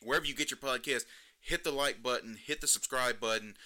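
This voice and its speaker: A man hosting a solo podcast, ranting in disbelief and climbing to near-shouts as he gets worked up. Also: medium pitch, fairly quick. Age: adult, jokes he may be too old for social media. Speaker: podcast host.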